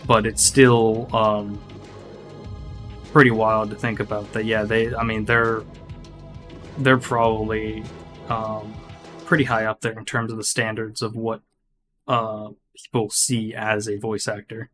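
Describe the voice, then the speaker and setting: A man's voice: fairly low pitch, level tone, a little slow, pauses often, fairly bright tone, faint music behind. A man chatting casually on a stream, easygoing and hesitant, thinking aloud as he talks.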